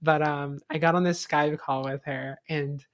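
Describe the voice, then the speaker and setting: A woman's voice: deep voice, steady tone, unhurried. A young woman co-hosting a podcast, telling a story in a casual, rambling way, full of fillers and swearing. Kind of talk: casual chat.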